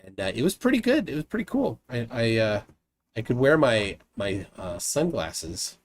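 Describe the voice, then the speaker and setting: Animated, halting livestream host, male. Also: medium pitch, a little hiss or hum. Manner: halting, with frequent restarts and fillers. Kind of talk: casual livestream chat.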